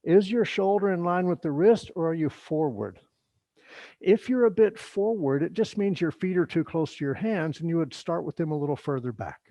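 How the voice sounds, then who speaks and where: A middle-aged man leading a yoga workshop, giving instructions in a relaxed, chatty way with joking asides. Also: on the high side, normal speed, dry recording. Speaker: yoga teacher.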